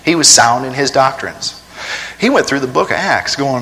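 Male preacher, conversational, rhetorical questions, forceful tone, long hall reverb. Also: mid-range voice, lively intonation, moderate pace. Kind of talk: sermon.

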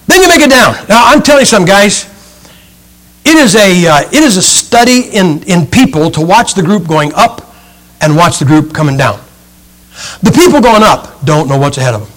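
A middle-aged male pastor telling a story from the pulpit, animated and acting out the scenes as he goes. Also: high voice. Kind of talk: sermon illustration, storytelling. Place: church, speaking from a pulpit.

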